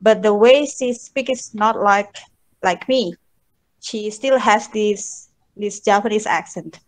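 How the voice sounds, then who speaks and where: A woman's voice: medium pitch, takes it slowly. A woman with a mixed American and British accent, an English learner asking questions while searching for words. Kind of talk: conversational questions.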